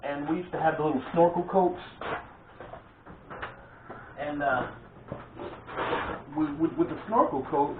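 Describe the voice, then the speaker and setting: Male vlog host, relaxed animated storyteller, laughs and restarts a lot, tinny phone-like audio. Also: a little high, unhurried, long pauses, noisy background. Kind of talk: casual storytelling of family memories. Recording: tinny phone-like sound in an echoey room.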